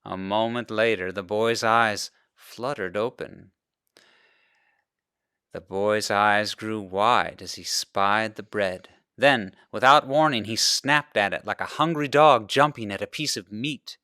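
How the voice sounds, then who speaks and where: A male pastor reading a children's storybook aloud, narrating in an expressive way. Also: on the low side, slow, clear, resonant tone, dry recording, studio quality.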